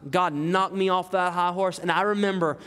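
A man's voice: high-pitched, steady tone, moderate pace, fairly bright tone, smooth. A man preaching a sermon as pastor, emphatic and repetitive, asking his listeners rhetorical questions. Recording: long hall reverb.

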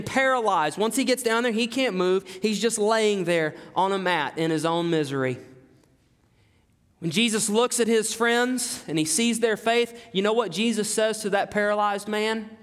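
High-voiced preacher in a reverberant hall. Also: male voice, fairly bright tone. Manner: storytelling preaching with emphatic, dramatic quoted voices. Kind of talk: sermon.

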